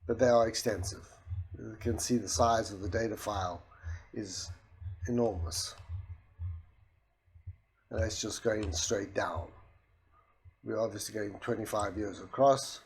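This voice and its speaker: A man walking through a software demonstration in a steady explanatory way, with a soft voice that does not carry far. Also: lowish voice, a little slow, gravelly, long pauses. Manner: steady explanatory, with restarts and voice commands. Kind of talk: screen-recorded product demo.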